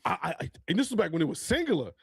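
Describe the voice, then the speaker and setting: A man co-hosting a casual podcast, chiming in with quick reactions and easy laughter. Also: high voice, very animated, vocal fry, slightly rough, no echo, studio quality. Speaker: podcast co-host. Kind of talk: casual chat.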